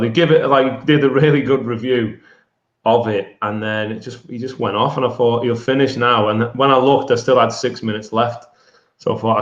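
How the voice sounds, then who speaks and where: A man tells meandering stories over a video call, pausing for fillers as he goes. His voice is mid-pitched, and the audio sounds roomy and a bit dull. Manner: rambling anecdotes with fillers. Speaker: livestream guest. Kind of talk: casual chat.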